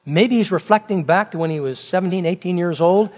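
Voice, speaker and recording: A man's voice: high-pitched, brisk. A middle-aged man preaching a sermon as pastor, talking conversationally with rhetorical questions and joking asides.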